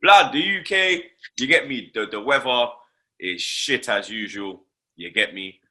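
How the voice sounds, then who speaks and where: A young man with a London accent hosting a casual chat, telling stories in a slangy, swearing, animated way and tagging lines with fillers. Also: mid-range voice, a little slow. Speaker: host.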